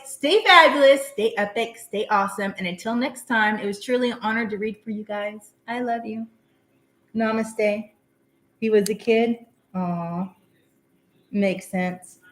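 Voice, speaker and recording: A woman's voice: a little high, fairly bright tone. A woman hosting a live tarot reading stream, talking casually and rambling with lots of fillers. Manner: chatty, rambling, many fillers. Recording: echoey room.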